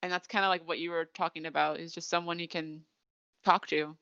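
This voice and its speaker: In a dull lo-fi recording with no room sound, a young woman on her podcast retells an anime episode with lots of giggling. She talks fairly quickly in a lowish, fairly even voice that sounds pushed, bright, and smooth, keeping the chat casual and animated.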